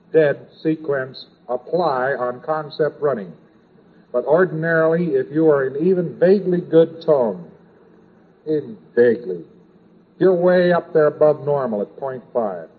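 A man's voice: a little high, a little slow, husky. A man giving an informal lecture, rambling and repetitive, dropping in sound effects and asides. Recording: tinny old lecture tape.

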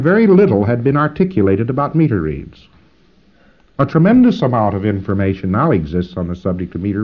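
Guy lecturing a class, rambly and pushy, acts out the drills, muffled old tape sound. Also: mid-range voice. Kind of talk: instructional lecture.

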